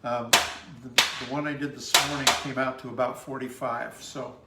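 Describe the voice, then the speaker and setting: A man's voice: medium pitch, level tone, normal speed, echoey room, very noisy. A man co-hosting a casual cooking stream from a home kitchen, explaining steps with many fillers. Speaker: cooking show co-host. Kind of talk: casual recipe instructions.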